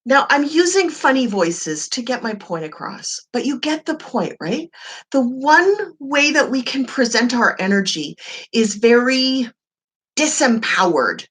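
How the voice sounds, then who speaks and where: A woman life coach talking to camera in a slightly husky, fairly high voice. Her pitch rises and falls a lot as she makes her points. She speaks slowly and emphatically, repeating herself and asking the listener questions. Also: big pitch swings, fairly bright tone. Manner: emphatic, repetitive and encouraging, with rhetorical questions. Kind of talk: motivational talk to camera.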